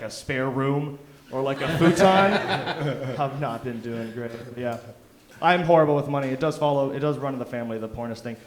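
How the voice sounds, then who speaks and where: A young man from Detroit doing a loose, self-mocking stand-up set, chuckling through his lines. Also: on the high side. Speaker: stand-up comic. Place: comedy club stage. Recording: roomy club sound.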